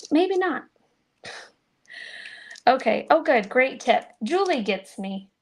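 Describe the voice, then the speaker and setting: A woman with a slightly high voice and a gravelly fry runs a live card-making demo. She chats to her viewers as she works and pokes fun at her own methods. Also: lively intonation, a little slow. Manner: chatty, self-deprecating, talks to viewers while working.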